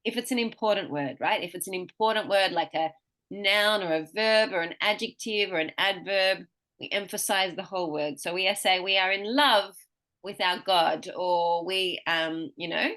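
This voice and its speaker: A woman teaching pronunciation one-on-one, patiently modeling words slowly and clearly for her student. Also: medium pitch, fairly bright tone.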